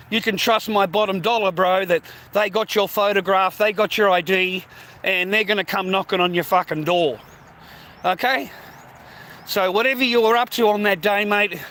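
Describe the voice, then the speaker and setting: A man with an Australian accent rants on a live stream in a high, sharp, forceful voice. He rambles and swears constantly, with scornful laughter between his points. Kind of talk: casual live-stream rant.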